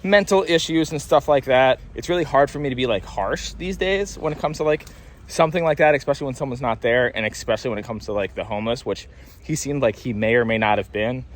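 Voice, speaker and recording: Young dude talking fast, rambly storytime, lots of likes. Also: male voice, medium pitch, a little hiss or hum. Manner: rambling, heavy on fillers like "like". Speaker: vlogger. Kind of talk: casual storytime monologue.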